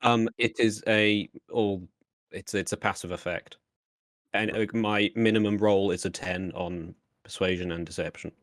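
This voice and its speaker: Quiet tabletop player. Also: male voice, on the low side, steady tone, measured pace, no echo, studio quality. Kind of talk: casual game chat.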